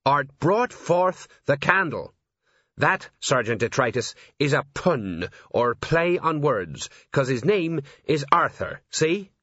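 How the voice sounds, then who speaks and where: A man putting on a fussy, know-it-all sergeant who explains everything at length, raised a little above his own voice. The tone is husky and dry and lively in pitch. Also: slow, no echo, muffled recording, full character voice. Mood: chatty. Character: chatty, pedantic middle-aged watch sergeant.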